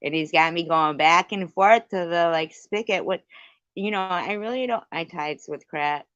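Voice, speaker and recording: A woman's voice: fairly low pitch, normal speed, fairly bright tone, no room sound, muffled recording. A woman hosting a livestream, telling a rambling casual story, swearing freely and breaking off to thank viewers. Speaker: livestream host.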